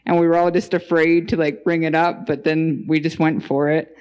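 A woman's voice: low voice, little pitch movement, moderate pace, a little mellow, lo-fi sound. A woman who is a podcast guest, giving a casual spoken testimony and thinking aloud as she goes, with frequent restarts.

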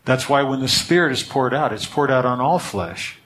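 A man's voice: mid-range voice, animated, moderate pace, fairly bright tone, slight background noise. A man teaching a sermon in a conversational way, often checking in with his listeners and restarting his sentences. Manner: restarts and repeats words. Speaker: pastor.

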